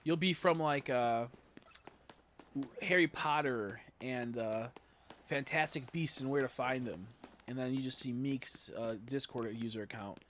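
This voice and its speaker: A young man casually chatting on a game livestream, rambling and joking, jumping from loud bursts to low mutters. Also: unhurried, a little hiss or hum. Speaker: streamer. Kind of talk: casual livestream chat while gaming.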